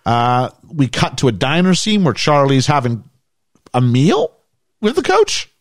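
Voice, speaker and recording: A man's voice: mid-range voice, huge pitch swings, measured pace, no room sound, clean studio sound. A man hosting a casual podcast chat, recapping a movie in a jokey, storytelling way. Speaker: podcast host recapping a film.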